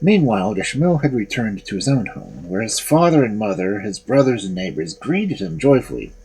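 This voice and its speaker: A storyteller reading a fairy tale aloud in an expressive, dramatic way. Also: mid-range voice, normal speed, husky, rough recording.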